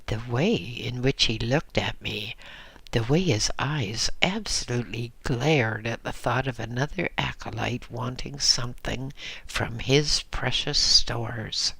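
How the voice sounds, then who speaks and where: A man giving a measured, unhurried first-person audiobook narration. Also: mid-range voice, creaky, bright, forceful tone, slightly rough, dry recording. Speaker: audiobook reader.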